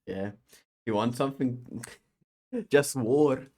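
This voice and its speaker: A man's voice: mid-range voice, slow, darkish tone. A man co-hosting a podcast, chatting casually and dropping dry wisecracks. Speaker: podcast co-host. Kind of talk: casual review chat.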